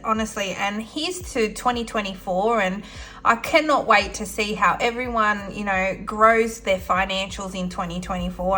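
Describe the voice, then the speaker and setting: Bright, chatty Australian woman vlogger. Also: mid-range voice. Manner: chatty and effusive, giggly, talks while eating. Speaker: budgeting vlogger. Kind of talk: casual chat to camera.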